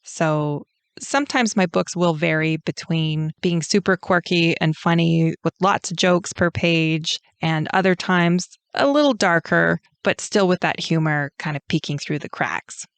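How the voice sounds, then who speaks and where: A woman's voice: lowish voice, a little slow, clean tone, no room sound. A woman author with a Canadian accent reading her own author's note with friendly, self-deprecating humor. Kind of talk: author's note, read aloud.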